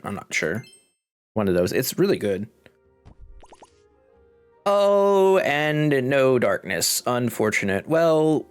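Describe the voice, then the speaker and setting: A congested man casually commenting on his game as he plays, thinking aloud and chuckling. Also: medium pitch. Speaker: gaming video host.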